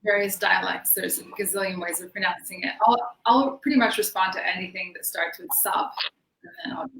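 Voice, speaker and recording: Woman guest, mid-pitched, chatty and laughing, echoey room with a faint hiss behind her. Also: brisk, gravelly, a bit bright. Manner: chatty, laughing often, many fillers. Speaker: interview guest, belly dancer. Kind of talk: casual video-call interview. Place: home room in Sweden.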